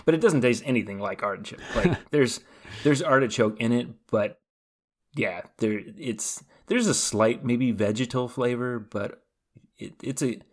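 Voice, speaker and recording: With a mid-range voice and measured pace, this man co-hosts a podcast in casual chat. He rambles, often using fillers and restarting his thoughts.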